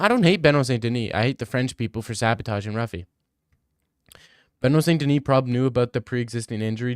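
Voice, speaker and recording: A man's voice: mid-range voice, clear, resonant tone, no room sound, clean studio sound. A young man, chatting casually on a live stream and answering his chat in a brash, joking way. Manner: brash, joking, swears a lot.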